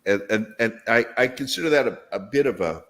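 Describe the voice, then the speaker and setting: A man's voice: mid-range voice, lively intonation, fairly quick, fairly bright tone. A man with hiccups, a regular on the show, chatting over a video call in a rambling, self-deprecating, hesitant way. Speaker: regular co-host. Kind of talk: casual video chat.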